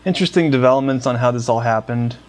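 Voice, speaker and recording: A man co-hosting a casual podcast, teasing his partner with quick wisecracks. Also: mid-range voice. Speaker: podcast co-host.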